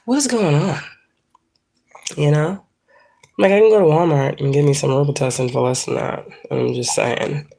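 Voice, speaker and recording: A woman's voice: low-pitched, moderate pace, creaky, long pauses, dark tone, slightly rough. A woman in her thirties chatting casually on a livestream, rambling and profane, laughing often, congested from allergies. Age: 30s. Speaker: spiritual livestreamer. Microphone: phone.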